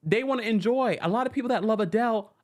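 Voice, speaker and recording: A host giving casual pop culture news commentary in a dramatic, animated way, laughing often. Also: medium pitch, quick pace.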